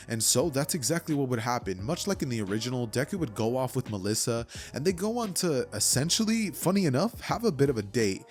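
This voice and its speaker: Chatty male fan narrator, casual storytelling, mid-pitched, faint music behind. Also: sing-song, fairly quick, few pauses. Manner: casual, chatty, with asides to viewers.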